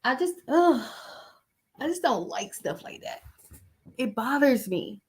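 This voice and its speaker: A woman's voice: sits high, big pitch swings, takes it slowly, breathy edge. A woman in her thirties giving casual commentary on news stories, blunt and emotional, sighing often as she reads. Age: 30s. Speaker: vlogger reading the news.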